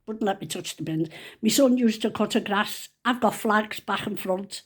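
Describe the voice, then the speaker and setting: Her voice is husky, medium in pitch and moderately paced. She's a vlogger in her seventies, casually telling funny stories to camera in a rambling, chatty, down-to-earth way.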